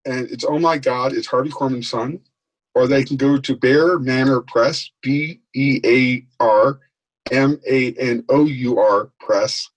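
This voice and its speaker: Man, husky voice, animated storyteller, interview guest. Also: medium pitch, unhurried, rough recording. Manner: animated anecdote telling, acts out quoted voices. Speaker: guest, author.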